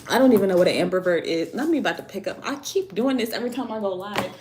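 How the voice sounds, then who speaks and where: A woman's voice: medium pitch, animated, racing, noisy background. A young woman hosting a casual livestream on her phone, chatty, candid and slangy, laughing often. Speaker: livestream host, tarot and oracle deck creator. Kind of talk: casual livestream chat reading viewer comments.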